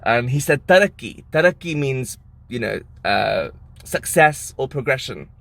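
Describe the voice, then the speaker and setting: A young man casually telling a story to camera, animated and amused. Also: mid-range voice, a little slow, creaky, dry recording. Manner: animated, amused, breaks into laughter. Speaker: vlogger.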